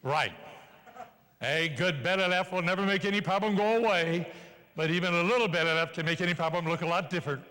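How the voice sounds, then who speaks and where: An older man giving a live motivational speech to an audience in a large hall, animated and playful as he urges the crowd along. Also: high voice, brisk. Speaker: motivational speaker. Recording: long reverb in a hall.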